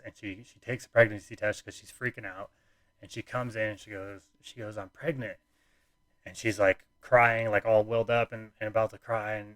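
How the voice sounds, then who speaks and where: A man's voice: fairly low pitch, a bit bright, dry recording. A young man hosting a podcast, telling a personal story in a rambling, laid-back way full of fillers and restarts. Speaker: podcast host.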